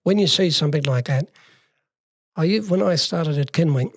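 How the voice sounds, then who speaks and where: An older man from regional Western Australia, with an Australian accent, speaks in a slightly high voice at a normal pace, recorded cleanly in a studio with no echo. He's a guest in a conversation, telling long, plain-spoken stories about his years as a youth worker and acting out the old dialogue.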